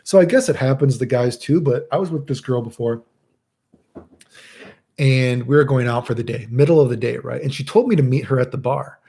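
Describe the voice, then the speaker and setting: A man's voice: mid-range voice, fairly quick, mellow, breathy edge. A man hosting his channel, telling rambling, profane stories in a casual monologue and acting out what people said. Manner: profane, storytelling, acts out quotes. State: chronically ill. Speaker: channel host.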